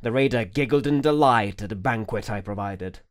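Man narrating a dark fan-fiction audiobook. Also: on the low side, moderate pace, no room sound, clean studio sound.

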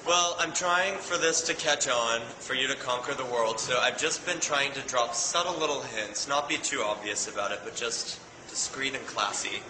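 A man's voice: mid-range voice, moderate pace, hardly any pauses, reverberant, noisy background. Playful man in joking rehearsal banter. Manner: playful, teasing, scats dance counts. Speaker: celebrity dance contestant. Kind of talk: joking behind-the-scenes banter.

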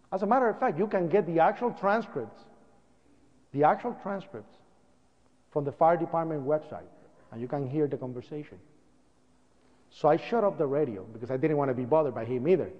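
A man with a Puerto Rican accent telling his story as a public speaker, animated and acting out the voices of people in it. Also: fairly high pitch, big-room sound, muffled recording. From Puerto Rico.

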